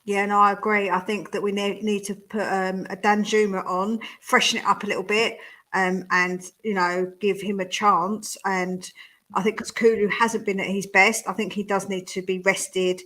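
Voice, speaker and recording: A woman's voice: medium pitch, flat delivery, normal speed, a bit bright. Emphatic woman with a London accent. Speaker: co-host. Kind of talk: casual chat.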